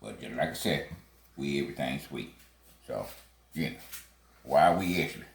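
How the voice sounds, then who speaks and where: A man with a creaky, expressive bass voice hosts a home baking channel at a moderate pace, exclaiming over his cake and addressing viewers as baby and sweetheart. The casual vlog chat is recorded in an echoey room with faint music.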